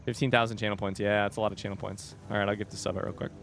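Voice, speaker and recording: A man's voice: on the low side, flat delivery, very fast, creaky, a bit bright, slight background noise. A man streaming a game from home, chatting with his viewers and reading out their comments. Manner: chatty, reads out viewer comments, coos at a baby. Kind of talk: casual live-stream chat. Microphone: desk microphone.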